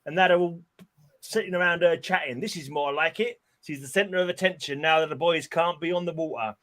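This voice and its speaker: Bright-voiced British man, playful panelist. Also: a little high, a little fast. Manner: playful, teasing, storytelling. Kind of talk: casual online panel chat.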